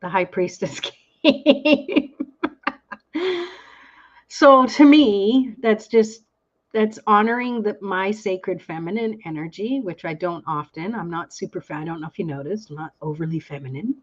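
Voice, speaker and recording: A woman hosting a live online tarot reading, chatting warmly with viewers and reading their cards aloud. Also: mid-range voice, animated, slightly rough, highs cut off. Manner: enthusiastic, reads cards aloud slowly. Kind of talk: casual live chat. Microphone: online call audio.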